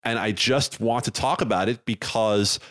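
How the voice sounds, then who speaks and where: A man's voice: fairly low pitch, normal speed, a bit bright. A man co-hosting a podcast in casual chat, rambling and joking with plenty of fillers. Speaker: podcast co-host.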